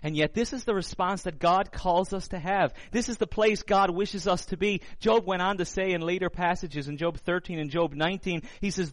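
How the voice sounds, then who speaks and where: A middle-aged male pastor delivers a sermon in a fairly high voice, earnest and measured. He slows down and sinks low on the words he wants to land. The sound is dry and close, with no room around it. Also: no echo.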